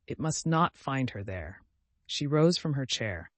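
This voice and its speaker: A man narrating an audiobook in a steady, measured reading voice. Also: mid-range voice, dry recording. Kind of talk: scripted narration.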